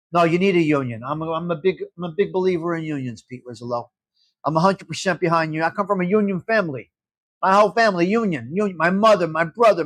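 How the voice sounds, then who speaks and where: A man's voice: on the high side, no echo. A man hosting a live morning chat show, talking brashly with plenty of swearing. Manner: brash, profane, bursts of laughter. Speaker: host.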